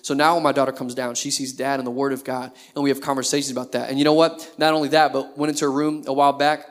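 A man's voice: mid-range voice, flat delivery, fast talker. A man in his thirties, a pastor preaching a sermon in a conversational way, full of rhetorical questions.

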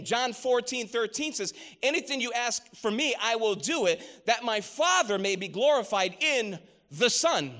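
A middle-aged man with a high-pitched voice delivers a sermon. He tells stories with rising emphasis and quotes scripture. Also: animated, moderate pace, bright, forceful tone. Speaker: preacher.

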